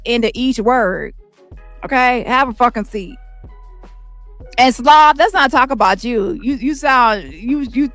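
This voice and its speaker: A woman's voice: a little high, fairly bright tone, no room sound. Brash ranting woman, mocking and profane, dry close mic. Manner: brash, mocking, repetitive, heavy cursing. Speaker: commentary channel host.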